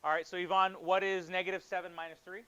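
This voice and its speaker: A man's voice: high voice, level tone, quick pace, bright, forceful tone, clear, resonant tone. Man, math teacher, classroom lesson, playful, quizzing students, muffled lo-fi sound. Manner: instructive, asks students questions. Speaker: high school math teacher.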